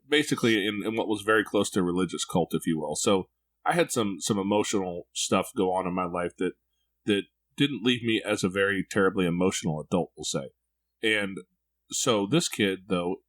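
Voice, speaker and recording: A man's voice: sits low, lively intonation, fairly quick. A man hosting a parenting podcast, talking in a candid, reflective way. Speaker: podcast host. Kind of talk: podcast interview.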